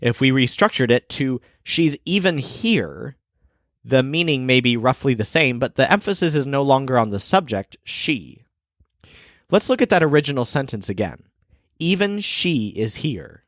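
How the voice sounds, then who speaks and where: A man teaches with a lively, rising and falling voice. He is recorded close in a dry room with no echo. He explains clearly and slows down for his example sentences. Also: medium pitch. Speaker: language teacher. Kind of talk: scripted teaching narration.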